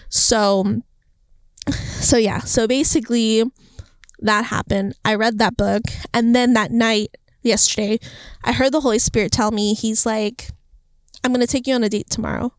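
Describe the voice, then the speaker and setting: A young woman hosting a casual faith podcast, talking in an excitable, chatty way with lots of fillers and laughter. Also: a little high, dry recording. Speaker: podcast host. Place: outdoors on a hill near the beach. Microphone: camera.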